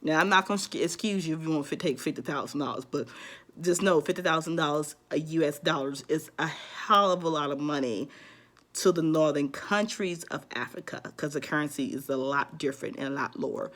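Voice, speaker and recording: A woman's voice: low-pitched, a little fast, a bit bright. A woman talking casually to her vlog audience, giving advice in a rambling way with lots of ums and restarts. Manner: rambling, many fillers and restarts. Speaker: vlogger.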